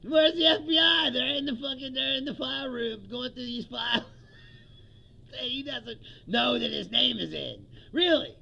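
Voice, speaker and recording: A comedian in a profane, mocking rant, his voice high, raspy and gravelly. He laughs often and slips into quoted voices. The recording is dull and muffled. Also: lively intonation, normal speed, pushed and bright. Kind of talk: stand-up style political rant.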